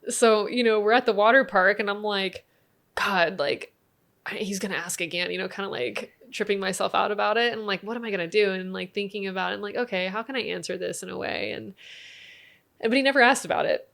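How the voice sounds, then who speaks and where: A woman's voice: medium pitch, fairly quick, vocal fry, a bit bright. A woman in her thirties with an American accent, a podcast guest telling a family story in casual chat, acting out the quotes and laughing often. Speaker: podcast guest, tantra teacher.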